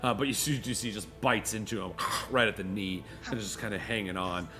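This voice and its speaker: A man's voice: lowish voice, a little fast, bright, forceful tone, soft background music. A man narrating as game master of a tabletop game, in a loose, easygoing way with lots of "you know".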